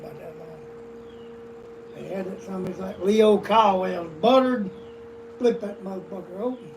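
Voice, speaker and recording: An older man with a drawl spins rambling, profanity-laced yarns, his voice sitting fairly high for a man. He sounds set back from the mic, with plenty of room noise around him. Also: moderate pace. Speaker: storyteller guest. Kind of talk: casual storytelling. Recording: distant mic, noisy room.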